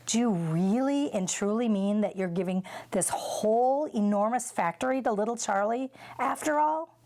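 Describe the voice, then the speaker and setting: A gentle, kindly old grandfather from a storybook, read aloud by a woman. He speaks in a calm, reassuring way. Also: mid-range voice, moderate pace, close to an everyday voice.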